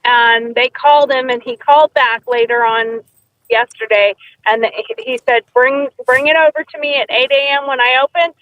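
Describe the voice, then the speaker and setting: Chatty woman co-host, high voice, dry dull sound, tells stories with quoted bits. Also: normal speed, a bit bright, dry recording. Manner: chatty storyteller, acts out quotes. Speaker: podcast co-host. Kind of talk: casual chat.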